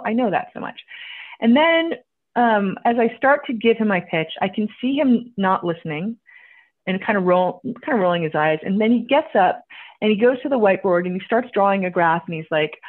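A woman guest telling a story in casual chat, animated, acting out what people said and swearing casually. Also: mid-range voice. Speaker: guest entrepreneur. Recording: tinny phone-like line.

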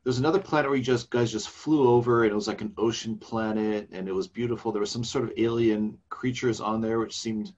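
A man's voice: on the low side, fairly even intonation, fairly quick, hardly any pauses, darkish tone, muffled recording. A man co-hosting a podcast, recapping a game session in casual, rambling chat that trails off into fillers.

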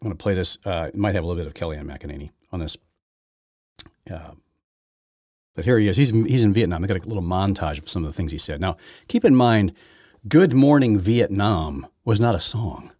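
A man's voice: sits low, expressive, quick pace, darkish tone, dry recording, clean studio sound. A male podcast host giving rambling, sarcastic political commentary and often repeating his words.

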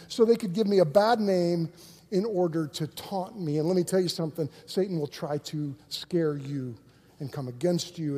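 Man pastor, high mellow voice, energetic sermon, acts out quotes, church hall reverb.

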